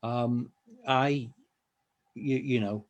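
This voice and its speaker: A man hosting a podcast, speaking in a halting, reflective way in casual chat. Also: medium pitch, steady tone, muffled recording. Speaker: podcast host.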